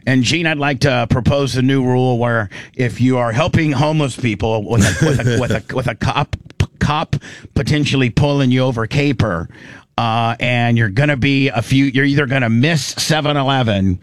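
A man's voice: medium pitch, moderate pace, dry recording, clean studio sound. A man hosting a radio show, teasing his co-host and cracking jokes. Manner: teasing, joking interjections. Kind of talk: casual radio chat. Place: radio studio. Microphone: studio mic.

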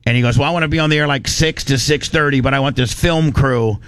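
A man's voice: mid-range voice, fast, a bit bright. A male radio host rants into a studio microphone, blunt and heated, often stopping and starting over mid-sentence. His voice sits in a middling register. The studio sound is dry and close, with no room echo. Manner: heated, blunt, rambling with restarts. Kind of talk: on-air storytelling rant. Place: broadcast studio.

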